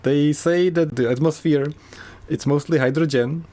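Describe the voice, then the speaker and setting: A man co-hosting a podcast in casual chat, retelling a story with animated, sarcastic energy and frequent laughs. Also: on the high side, normal speed. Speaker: podcast co-host.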